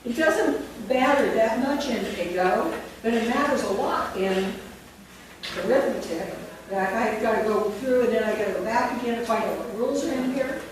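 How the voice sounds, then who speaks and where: A woman's voice: fairly high pitch, moderate pace, a crowd in the background. Female workshop instructor, quizzing and dictating; distant mic, echoey room, noisy. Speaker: teacher trainer. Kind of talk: teacher training workshop. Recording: very echoey room from far off, with noise.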